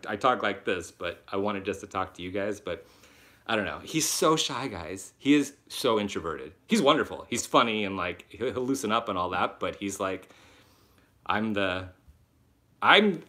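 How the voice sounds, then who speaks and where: A man hosting a live question-and-answer stream, chatting casually and animated, a little sick, talking at home into a laptop mic. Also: on the low side. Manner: chatty, animated, quick asides and self-mocking laughs. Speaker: web series creator and host.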